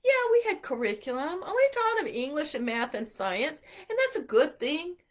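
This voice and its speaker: A middle-aged woman giving an earnest, animated inspirational talk to mothers about homeschooling. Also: high-pitched, moderate pace. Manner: animated, earnest, acts out quotes. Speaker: homeschool speaker.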